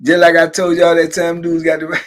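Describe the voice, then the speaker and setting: Though his stories are loose and full of laughter, this man's slightly high voice has a completely flat delivery at a moderate pace. He hosts a livestream, telling casual tales to the live chat with frequent asides and answering viewer comments as he goes.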